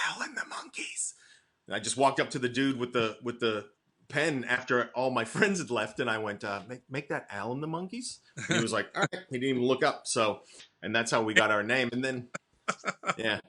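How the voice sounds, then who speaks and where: A middle-aged male comedian from the Boston area, telling animated stories in casual chat and acting out quotes. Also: medium pitch, fairly quick. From Boston area, USA. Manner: animated anecdotes, acts out quotes, laughs often. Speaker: comedian guest.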